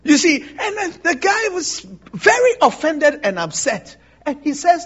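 A man's voice: extremely high pitch, a little slow, few pauses, dull audio. A man preaching an interactive Bible teaching, often asking the congregation if they understand and laughing along. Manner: animated, asks the congregation questions, laughs often. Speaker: pastor.

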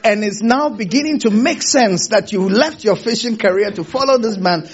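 A male pastor preaches a sermon in a theater, laughing often and throwing rhetorical questions at the congregation. His voice is high and husky, and it swings widely in pitch. The recording is dull and lo-fi. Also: moderate pace. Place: theater used for a church service.

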